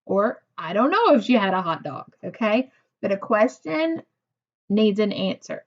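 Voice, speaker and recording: A woman teaching a recorded reading lesson to young children, speaking slowly and patiently, praising and asking questions of pupils who aren't there. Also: mid-range voice, wildly swooping pitch, lo-fi sound. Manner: slow, patient, encouraging, asks questions to unseen pupils.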